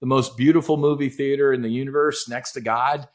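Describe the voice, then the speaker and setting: A middle-aged man, a former naval aviator, recounting a deep personal experience in an intense, animated way, swearing and acting out quoted dialogue. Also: a little fast. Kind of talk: emotional storytelling in casual chat.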